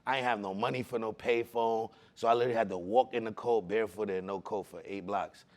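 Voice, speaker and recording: A man from the Bronx, telling his personal testimony in a casual, animated way with street slang. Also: lowish voice, fast talker. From the Bronx, New York. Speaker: speaker giving a personal testimony.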